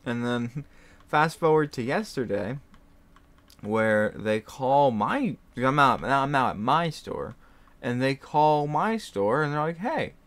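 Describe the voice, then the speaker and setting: Young guy rambling through a work story while gaming, laughing a lot, mid pitch. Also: slow, fairly bright tone. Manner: rambling, laughs often, many fillers. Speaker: gaming video host. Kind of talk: casual storytelling while playing a game.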